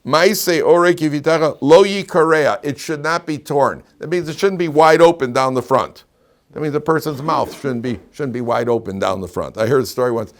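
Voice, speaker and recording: A man, a rabbi teaching a Torah class, who tells jokes and anecdotes and often repeats his phrases. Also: mid-range voice. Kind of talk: classroom lecture.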